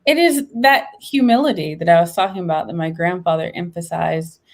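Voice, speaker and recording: A woman in her late thirties, a guest in an interview, talking in an animated, expressive and upbeat way. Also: fairly low pitch, a little fast. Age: 30s. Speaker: guest, veteran and entrepreneur. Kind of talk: casual interview chat.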